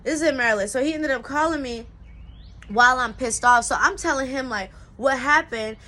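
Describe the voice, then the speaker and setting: Telling a personal story on her vlog, a young woman speaks fairly quickly in a high, bright, forceful voice. She talks in a slangy, casual way, filled with "like" and "you know what I'm saying."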